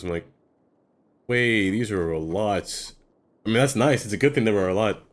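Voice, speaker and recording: Low-voiced man rambling while he builds. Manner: rambling, self-talking, trails off with fillers. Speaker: streamer. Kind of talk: casual live-stream commentary while building.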